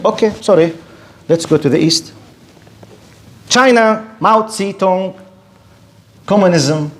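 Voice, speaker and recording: A man lectures in English on religion, his voice sitting a little high for a man. He argues with lively rhetoric, firing questions and answering imagined objectors himself. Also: measured pace, pauses often. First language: Arabic. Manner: animated, rhetorical, mock-debates imagined objectors. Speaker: Islamic lecturer.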